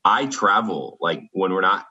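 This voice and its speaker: A man with a very low, husky voice speaks thoughtfully over a video call, often pausing and restarting. The sound is dull and lo-fi. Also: sing-song, pushed and bright. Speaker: podcast guest.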